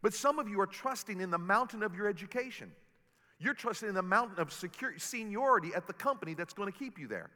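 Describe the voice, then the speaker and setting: A man preaching a sermon as pastor, animated and humorous as he tells stories to his congregation. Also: sits high, fast talker, in a large hall. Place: large auditorium.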